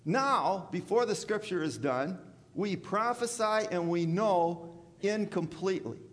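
A man's voice: high-pitched, a little slow. A man preaching a sermon in a folksy, stammering way, often checking whether the congregation is with him. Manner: folksy, repeats "you with me on that?"; stammering restarts, animated delivery. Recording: long reverb of a large hall.

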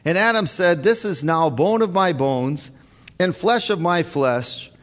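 A man preaching a sermon as pastor, slow and emphatic, with frequent "uh" and "um" fillers. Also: on the high side, animated, long reverb tail.

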